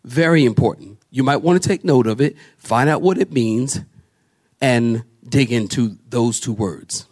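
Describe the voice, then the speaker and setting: A man's voice: medium pitch, unhurried, darkish tone. A man preaching a live church sermon, emphatic, lifting his voice on repeated words and asking the listeners questions. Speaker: pastor.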